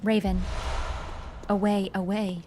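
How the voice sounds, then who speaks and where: A calm, hushed woman radio handler speaks slowly and pleads through long pauses, as a woman puts her on. The game-stream recording has audible background noise. Her pitch sits in an ordinary middle range. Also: natural voice. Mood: soft pleading.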